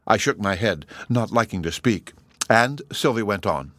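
A man narrating a children's story in an expressive, measured way. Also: on the low side, no room sound. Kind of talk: audiobook narration.

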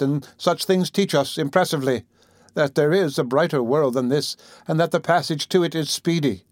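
A man voicing an anxious elderly aunt who speaks slowly, gently and with a tremble. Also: a little high, no echo, lightly acted.

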